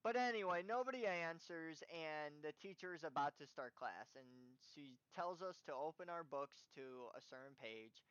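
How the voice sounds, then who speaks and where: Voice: mid-range voice, expressive, moderate pace, few pauses, a bit bright, clean tone, no room sound, muffled recording. Casual YouTube storyteller, rambling with fillers, dry close sound. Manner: rambling, with many "you know" fillers. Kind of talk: casual story time narration.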